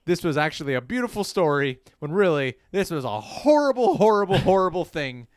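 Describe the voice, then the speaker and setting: A man's voice: on the high side, big pitch swings, fairly quick, a little mellow, smooth, no echo. A man co-hosting a casual livestream chat, who laughs a lot and swears freely. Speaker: co-host.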